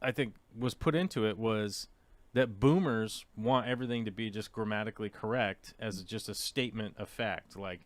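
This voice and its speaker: A man hosting a casual live talk show, rambling and animated with mocking asides. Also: fairly low pitch, normal speed, no echo. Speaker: podcast host.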